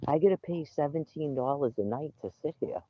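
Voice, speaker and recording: This livestreamer's voice is a little high, animated, and fairly quick. He's at a campsite outdoors, chatting casually while ranting indignantly and cursing without restraint, all through a thin, phone-quality stream.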